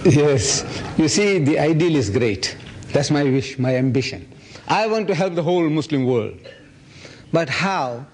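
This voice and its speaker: A man in his seventies giving a public lecture and answering audience questions, telling stories with lively energy. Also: unhurried, a little hiss or hum. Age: 70s. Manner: animated storytelling, acts out others' voices with big pitch jumps.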